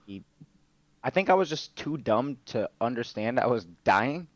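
A man's voice: medium pitch, animated, moderate pace, no echo. A young man telling stories in a casual interview, laid-back and swearing freely with plenty of fillers. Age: young adult. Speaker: guest, MMA fighter and streamer. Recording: dull, lo-fi dry sound.

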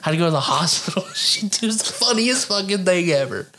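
A man's voice: high voice, expressive, quick pace, sharp tone. A man in casual chat, telling stories with heavy swearing and frequent laughter. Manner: laughs often, swears constantly. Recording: faint background noise.

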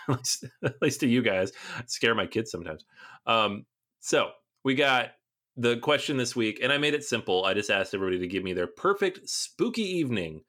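A man co-hosting a podcast in relaxed, self-deprecating chat. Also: mid-range voice, normal speed. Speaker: podcast co-host. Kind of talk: casual chat.

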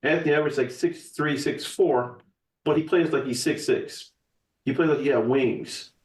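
A man's voice: mid-range voice, normal speed. A man talking in a casual podcast chat as the guest, emphatic and profane, rambling with restarts. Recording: echoey room, voice from far off the mic.

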